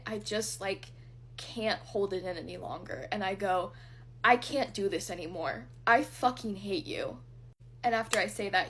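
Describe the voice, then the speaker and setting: A woman's voice: mid-range voice, creaky, a little hiss or hum. A young woman vlogger telling a personal story in a candid, blunt way while doing her makeup, with the odd swear word.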